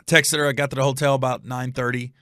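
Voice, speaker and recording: A man's voice: medium pitch, fast talker, clean tone, no echo, studio quality. A man in his forties, a comedian hosting his show, telling a story casually and profanely, acting out every voice. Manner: animated, profane, acts out every voice. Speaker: comedian host.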